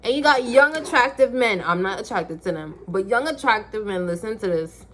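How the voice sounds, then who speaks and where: A woman's voice: medium pitch, animated, normal speed, fairly bright tone, a little hiss or hum. A young woman speaking to her phone camera in an emphatic, preachy way. She repeats her points for effect. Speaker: vlogger. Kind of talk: casual talk to camera.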